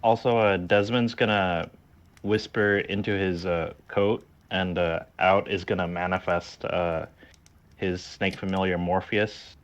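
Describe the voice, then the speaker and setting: A man's voice: deep voice, fairly even intonation, unhurried, smooth, highs cut off. A man playing in a tabletop game, describing his character's actions in a hesitant way with many ums and uhs. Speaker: player.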